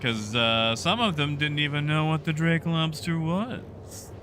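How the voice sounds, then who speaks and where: A man's voice: a little high, unhurried. A man streaming a game, chatting casually and answering viewers by name. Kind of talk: casual live-stream chat. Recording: noisy background.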